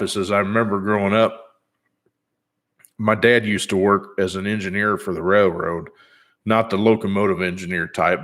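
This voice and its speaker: A man in his fifties chats casually on his vlog, rambling in an easygoing way with lots of fillers. The channel host's voice is low-pitched and a bit bright.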